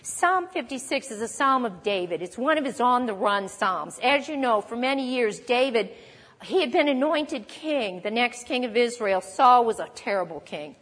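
Woman preaching, high voice, lots of hall echo, acts stuff out. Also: normal speed. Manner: expressive, acts out quotes. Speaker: Bible teacher. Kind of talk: sermon.

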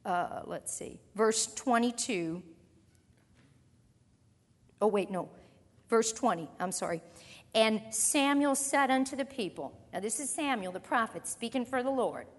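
A woman teaching a sermon. She reads scripture aloud and puts pointed questions to her listeners. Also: on the high side. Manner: emphatic, questions the audience directly. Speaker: Bible teacher. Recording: reverberant hall sound.

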